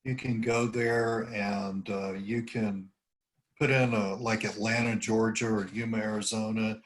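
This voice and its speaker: A man's voice: lowish voice, steady tone, unhurried. A man leading an informal team meeting over a video call, rambling through tips and acting out sample phrases. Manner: rambling, demonstrates phrases with rising intonation. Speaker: team leader coaching cold calls.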